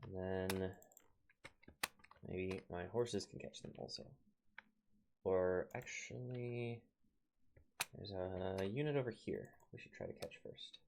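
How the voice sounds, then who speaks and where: A man's voice: sits low, slow, long pauses, a little mellow, slight background noise. A young man with a Minnesotan accent, chatting casually as he plays a strategy game and talks to his units. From Minnesota, United States. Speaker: let's play host. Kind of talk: casual gameplay commentary.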